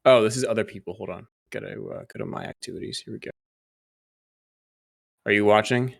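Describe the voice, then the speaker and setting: A man's voice: lowish voice, brisk, vocal fry. A man chatting casually on a live stream, teasing his co-host and laughing often. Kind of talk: casual chat.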